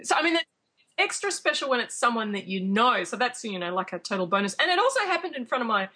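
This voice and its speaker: A woman telling a story in casual chat, animated and laughing, acting out what people said. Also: fairly high pitch, fast, breathy edge. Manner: animated, acts out quotes, laughs often.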